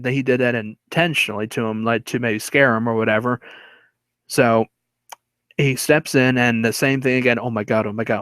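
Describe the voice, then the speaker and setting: A man's voice: medium pitch, fairly bright tone, dry recording. Rambling man retelling a movie plot. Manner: rambling, with fillers and chuckles. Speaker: movie reviewer.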